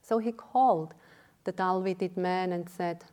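A woman meditation teacher giving a dharma talk, telling a teaching story in a deliberate way. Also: on the low side, darkish tone, clear, resonant tone.

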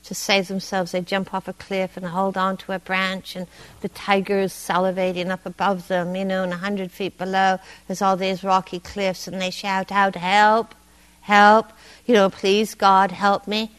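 A woman meditation teacher giving a dharma talk in a meditation hall, conversational and gently humorous. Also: medium pitch, completely flat delivery, normal speed, clean tone.

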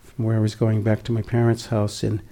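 A man in his sixties from the Boston area, giving a gentle, reflective dharma talk whose voice often drops to a near whisper. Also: on the low side, monotone, fairly quick. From Boston area, USA. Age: 60s. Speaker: meditation teacher.

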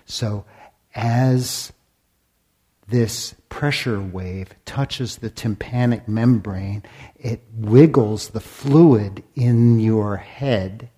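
A man teaching meditation in a dharma talk. His voice is dark, mellow and a little husky, and he speaks very slowly. He leaves long pauses, sometimes sinks to a near whisper, and keeps asking his listeners rhetorical questions. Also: on the low side.

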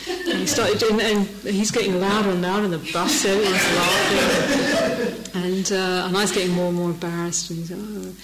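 A woman's voice: fairly low pitch, fairly even intonation, normal speed, background noise. A middle-aged woman, giving a dharma talk as a meditation teacher, telling stories and laughing often. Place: meditation hall. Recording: echoey meditation hall.

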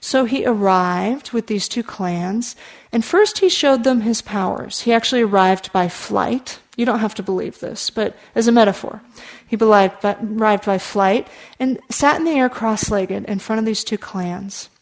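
A woman meditation teacher gives a dharma talk to her students. Her voice sits at an ordinary pitch, and her delivery is earnest and conversational. She pauses on easy fillers and now and then drops into a soft aside.

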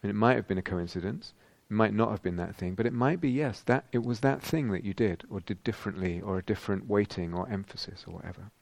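In a retreat meditation hall, a British man gives a dharma talk as a meditation teacher. His fairly low, gravelly voice is gentle and reflective, with frequent pauses and restarted phrases.

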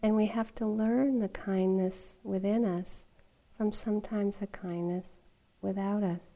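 Woman, middle-aged, meditation teacher, mellow warm tone, rambling conversational storytelling, dharma talk. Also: mid-range voice, steady tone, measured pace. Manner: conversational storytelling with frequent "you know" and soft laughs. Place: meditation retreat hall.

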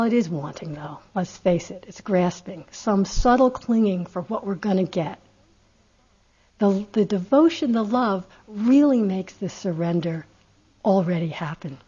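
A woman meditation teacher giving a gentle, reflective dharma talk with soft laughs, on a dull lo-fi recording. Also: medium pitch, slightly rough. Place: retreat center meditation hall.

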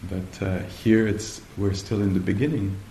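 A man giving a dharma talk at a meditation retreat, slow and hesitant, often pausing to search for the right words. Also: on the low side, steady tone, dark tone, slight background noise. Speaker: meditation teacher. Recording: echoey room, faint ambience.

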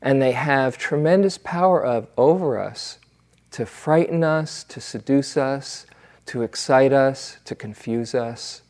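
A man's voice: medium pitch, darkish tone. A man giving a dharma talk as a meditation teacher, telling stories in a reflective way with fillers. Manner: unhurried, reflective storytelling with fillers.

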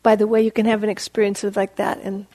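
A woman meditation teacher giving a dharma talk in a soft, gentle, unhurried voice that often drops to a hush. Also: medium pitch, flat delivery, no room sound. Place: meditation hall.

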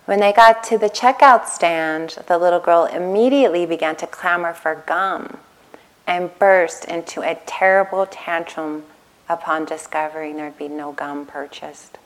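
A woman meditation teacher giving a gentle dharma talk at a retreat, telling stories in a soft, calm way. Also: on the low side, a little slow, poor audio. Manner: gentle, storytelling, soft-spoken. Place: retreat center meditation hall.

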